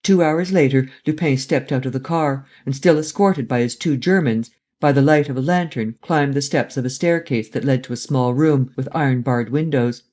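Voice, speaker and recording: Mellow male audiobook narrator. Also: medium pitch, normal speed, hardly any pauses. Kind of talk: scripted narration.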